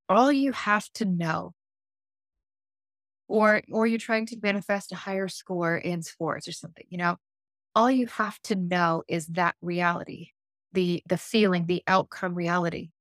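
Animated woman, dry close sound. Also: lowish voice, no echo. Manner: animated, acts out dialogue in her stories; frequent self-restarts and fillers. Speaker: intuitive life coach. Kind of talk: podcast interview storytelling.

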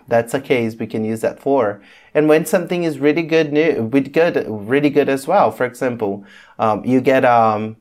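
An English teacher hosts a casual lesson, explaining patiently, checking in with "okay?" and pausing on many ums. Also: mid-range voice, darkish tone. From Brazil. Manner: patient, repeats "okay?" often.

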